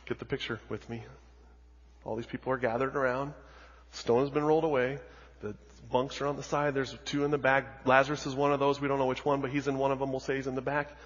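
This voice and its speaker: Man, pastor, sermon, husky voice, repetitive dramatic delivery, hushed to loud, long church reverb. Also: mid-range voice, level tone, quick pace. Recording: dull audio with long hall reverb.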